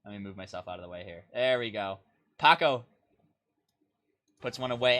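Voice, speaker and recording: A man's voice: fairly low pitch, a little fast, long pauses, bright, forceful tone. A young man casting an online car soccer match live from his home stream setup, chatty and self-deprecating, calling plays between asides. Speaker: esports caster. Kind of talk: casual game commentary. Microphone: desk mic with face cam.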